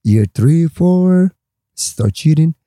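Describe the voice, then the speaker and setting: A male comedian guest on a podcast, telling a story in a casual, animated way and acting out the dialogue. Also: fairly high pitch, takes it slowly, dry recording, studio quality. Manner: animated, acts out dialogue in raised voices.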